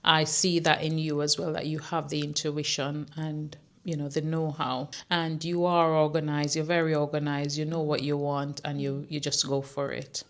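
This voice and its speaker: A woman's voice: low-pitched, little pitch movement, moderate pace, few pauses. A woman in her fifties from Jamaica, chatting casually as a mother answering questions and telling stories with emphatic energy. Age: 50s. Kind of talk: casual chat.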